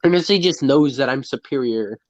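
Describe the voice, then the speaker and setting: A man's voice: mid-range voice, a little fast, no room sound. A teenage boy talking as a guest on a podcast from his phone, goofy and self-mocking and full of jokes. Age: teens. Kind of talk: casual chat. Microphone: phone on a call. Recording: dull dry phone call audio.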